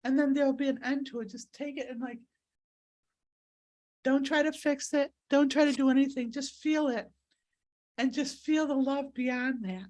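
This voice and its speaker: A high-voiced woman leads a healing session over a video call. She is crying as she talks, and her speech stays earnest and rambling, full of restarts and asides. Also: fairly even intonation, moderate pace, long pauses, darkish tone. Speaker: spiritual healer and host. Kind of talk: live-stream healing session.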